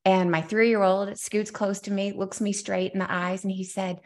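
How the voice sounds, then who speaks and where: A woman in her thirties giving an energetic webinar presentation as a company CEO, telling stories and laughing often. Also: mid-range voice, normal speed, hardly any pauses. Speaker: keynote speaker and company CEO.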